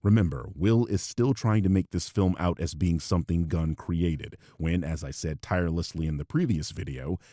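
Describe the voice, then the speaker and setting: A man's voice: low voice, moderate pace, few pauses, dark tone, no room sound, studio quality. A man delivering scripted video commentary in a sarcastic, mocking tone.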